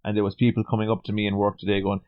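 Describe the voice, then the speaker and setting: A man's voice: lowish voice, little pitch movement, very fast, no echo, muffled recording. An Irish man from Ireland, a podcast guest chatting casually in a blunt, sweary way. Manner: blunt and sweary, laughing easily. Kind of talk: casual chat.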